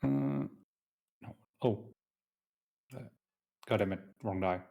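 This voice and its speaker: A man's voice: sits low, animated, slow pace, highs cut off. A man playing a tabletop game on stream, talking hesitantly with many ums. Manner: hesitant, many ums, mutters when he slips. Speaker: player.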